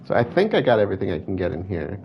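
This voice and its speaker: Guy doing let's play commentary, kinda low voice, rambly and self-correcting, muffled mic with a little hiss. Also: sing-song, very fast, creaky. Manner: chatty, reads game text aloud, self-correcting. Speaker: gameplay commentator. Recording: dull lo-fi with faint hiss.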